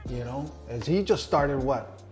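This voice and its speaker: A man's voice: medium pitch, a little slow, faint music behind. A man telling a story in casual talk, swearing freely and acting out the voices of people he quotes. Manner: profane, animated, acts out quoted dialogue. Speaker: guest.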